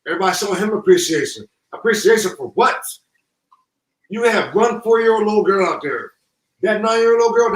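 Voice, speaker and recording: A grieving father speaking through tears, halting and repeating himself with deep emotion. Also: a bit bright. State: holding back tears. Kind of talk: emotional live call-in. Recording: echoey call from far off.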